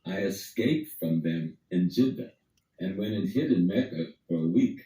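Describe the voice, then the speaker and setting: An older man with a low, very dark voice tells a long story in conversation. He acts out every quoted line. He sits well back from the mic in an echoey room. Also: expressive, normal speed, recorded from a distance. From Harlem, New York. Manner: vivid, acts out quoted dialogue. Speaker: guest storyteller.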